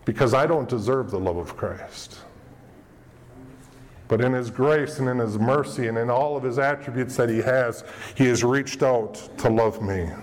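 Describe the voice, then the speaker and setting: A man preaching a sermon as pastor, earnest, acting out quoted voices of people now and then. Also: medium pitch. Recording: long hall reverb.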